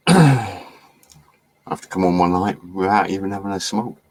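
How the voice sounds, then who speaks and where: Very low-voiced rambling man livestreaming. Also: moderate pace. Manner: chatty, laughing, swearing, distracted by chat. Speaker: livestream host. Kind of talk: rambling live-stream chat.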